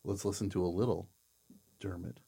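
A man hosting a casual comedy chat show, deadpan and joking, with bursts of loud laughter. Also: low voice, normal speed, gravelly, slightly rough. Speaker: host.

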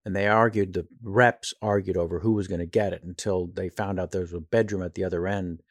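A man's voice: low voice, fairly even intonation, fairly quick, no room sound, clean studio sound. A male actor and impressionist telling rambling, self-deprecating stories in a casual interview.

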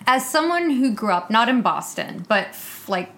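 A woman's voice: a little high, big pitch swings, moderate pace, bright, forceful tone. A chatty woman from the South Shore of Massachusetts, co-hosting a podcast. She talks casually and recaps the plot for her friends. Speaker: podcast co-host. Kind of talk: casual chat.

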